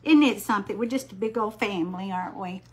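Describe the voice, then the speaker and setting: An older woman, chatting slowly on a craft livestream, greeting viewers by name while she paints. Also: medium pitch, slightly rough. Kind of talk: casual live-stream chat while painting.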